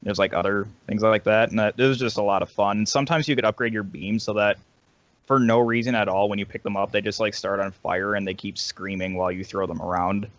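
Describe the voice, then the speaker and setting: A man with a lowish voice rambles on in a casual podcast chat. His voice is dry and close, but the line sounds dull and lo-fi. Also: fairly even intonation, a little fast, no room sound. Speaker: podcast guest. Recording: dry, dull lo-fi call audio.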